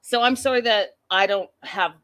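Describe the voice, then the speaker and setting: A woman's voice: medium pitch, moderate pace, a bit bright. A woman hosting an online recap of a reality show, talking casually and chattily with the viewers and laughing at herself.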